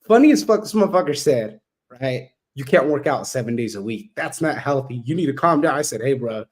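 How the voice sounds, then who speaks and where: A man talking as a guest on a podcast, blunt and animated, swearing constantly and acting out the voices of people in his stories. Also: medium pitch, brisk. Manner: heavy swearing, blunt and animated, acts out quoted exchanges. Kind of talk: casual podcast conversation.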